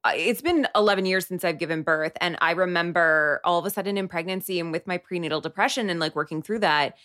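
Earnest woman with a lowish voice. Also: fast, a bit bright. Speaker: podcast co-host. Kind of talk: candid personal chat.

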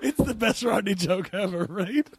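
A man's voice: high voice, animated, normal speed, very noisy. A man joking around as a guest on a comedy podcast. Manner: playful, jokey. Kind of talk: casual comedy podcast chat.

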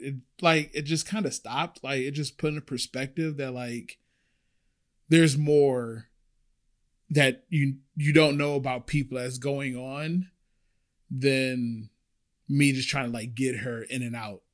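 A man's voice: mid-range voice, fairly even intonation, a little slow. A man who works as a restaurant server, earnestly telling a personal story in a conversational way with many restarts.

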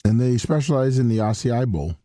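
A man's voice: mid-range voice, animated, a little fast, warm tone, no echo, clean studio sound. A man co-hosting a radio show, goofing around and laughing at himself as he stumbles over a word. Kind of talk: playful banter on air.

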